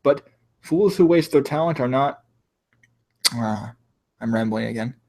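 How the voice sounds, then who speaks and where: A man's voice: medium pitch, unhurried, a little mellow. A man voicing a fussy male teacher who rambles, hesitates with many uhs, and lectures sternly.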